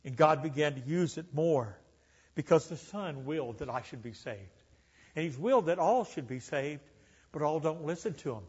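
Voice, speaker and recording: An older man from Alabama with a Southern accent, preaching an impassioned sermon that swells loud and high, then sinks low. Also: husky, in a large hall, dull audio. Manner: impassioned, building to near-shouting then dropping low.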